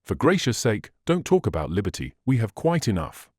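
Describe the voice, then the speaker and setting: Casting: male reader voicing a fussy, blunt Englishwoman companion, lively and dry-sounding. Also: fairly low pitch, a little fast, no room sound. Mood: brisk.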